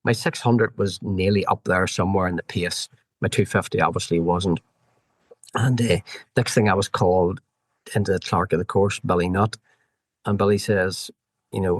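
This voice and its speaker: A middle-aged man with a Northern Irish accent, a podcast guest telling animated anecdotes full of quoted back-and-forth dialogue. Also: low voice, moderate pace, no echo. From Northern Ireland. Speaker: guest, former road racer. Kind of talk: storytelling in a podcast interview.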